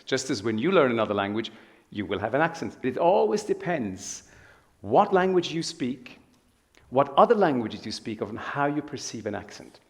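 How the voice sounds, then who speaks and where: A man giving a keynote speech, engaging the audience with rhetorical questions and pausing often on drawn-out fillers. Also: medium pitch. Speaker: keynote speaker.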